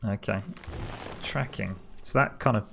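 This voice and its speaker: Gravelly-voiced man thinking aloud. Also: lowish voice, unhurried, a bit bright, a little hiss or hum. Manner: thinking aloud, frequent chuckles. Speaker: card game streamer. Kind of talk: casual gameplay commentary.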